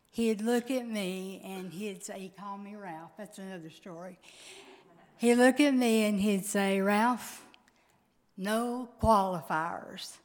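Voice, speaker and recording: A woman preaching a heartfelt sermon in a large hall with a long reverb. She talks slowly and emphatically, her voice at a middle pitch, swelling into sudden loud peaks.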